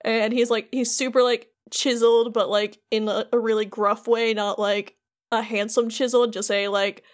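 A woman co-hosts a casual podcast, retelling a game's scenes in a chatty, playful way full of fillers. Her voice sits slightly high. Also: little pitch movement, normal speed. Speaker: podcast co-host. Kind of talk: casual podcast chat recapping a game.

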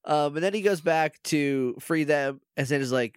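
A man's voice: a little high, moderate pace, clean tone, dry recording, clean studio sound. A young man co-hosting a podcast, casually recapping a show in a rambling way and slipping into silly character voices. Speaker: podcast co-host.

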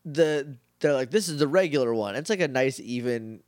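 A man's voice: mid-range voice, normal speed, no room sound, studio quality. A man co-hosting a podcast, casually recapping a TV episode and acting out the characters' lines with jokes. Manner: animated, jokey, acts out characters' lines. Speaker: podcast co-host. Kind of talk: casual chat recapping a show.

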